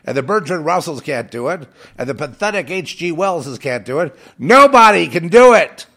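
A man's voice: a little high, lively intonation, normal speed, fairly bright tone. A man preaching on air in a fervent, scornful monologue, hammering points home by repeating phrases. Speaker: radio preacher.

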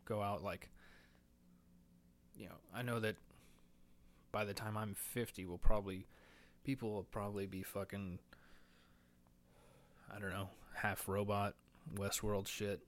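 Young guy doing a solo podcast, lowish voice, swears a lot, kinda nervous and out of breath. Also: level tone, unhurried, long pauses. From United States. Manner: rambling, crude and profane, laughs at his own jokes. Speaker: podcast host. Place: indoors, talking alone into a mic.

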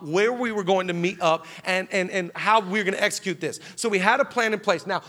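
A pastor in his thirties delivers a sermon with a high, bright voice that carries. He tells stories in an animated way, building excitement as he goes. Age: 30s. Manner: animated storytelling with rising excitement. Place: large church hall.

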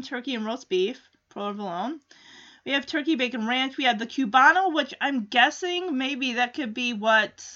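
A woman's voice: on the high side, fairly bright tone, highs cut off. A woman vlogger chatting casually in an exclamatory way as she reacts and comments. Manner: chatty, exclamatory, lots of ooh.

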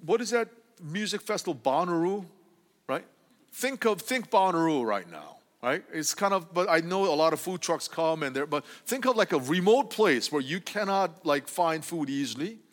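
A man's voice: on the high side, expressive, normal speed. A man preaching a conversational sermon to a congregation in a church, often checking in with "right?" as he explains. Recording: long hall reverb.

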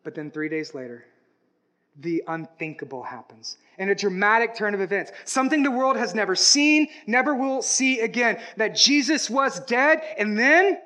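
Guy preaching a sermon, really high voice, goes quiet then loud, bright tone. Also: lively intonation, moderate pace. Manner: dramatic preaching, swings from hushed to loud. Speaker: pastor.

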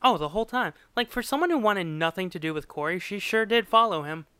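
Talking quickly in a high-pitched, clear and resonant voice, a man co-hosts a casual podcast with no echo. He recaps a sitcom episode as an animated storyteller, acting out lines and laughing frequently.

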